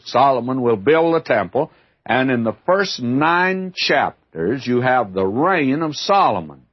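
A man's voice: mid-range voice, slightly rough. An older man teaching the Bible in a folksy, emphatic way, calling the listener "my friend". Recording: dull lo-fi archival recording.

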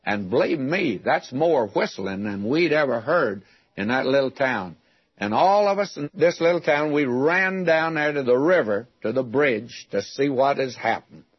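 A man's voice: mid-range voice, animated, a little slow, husky, dry recording, lo-fi sound. An older man from West Texas preaching a radio sermon, teaching from the Bible in a folksy storytelling way with rhetorical questions.

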